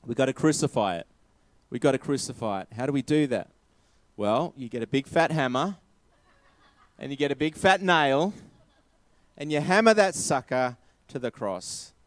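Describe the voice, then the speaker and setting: A man's voice: mid-range voice, expressive, moderate pace, no echo. A man preaching a sermon, emphatic and repeating his key phrases.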